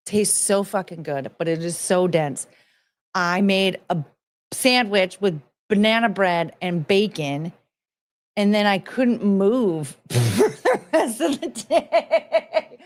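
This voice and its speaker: Woman in her 40s streaming, rambly and sweary, gets loud outta nowhere. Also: mid-range voice. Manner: rambling, excitable, swears freely, sudden loud outbursts. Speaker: livestreamer. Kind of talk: casual livestream chat reading viewer messages.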